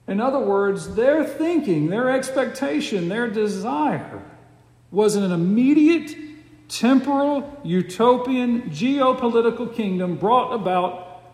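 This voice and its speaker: A man preaching a sermon with a slow, emphatic cadence and dramatic pauses, recorded in a large church sanctuary. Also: extremely high pitch, expressive, a little mellow. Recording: echoey hall with long reverb.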